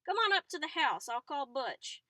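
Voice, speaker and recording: A woman reading the lines of a calm, easygoing male fisherman in a storybook, in her own bright voice with little change. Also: sits high, normal speed, dry recording, heavily acted.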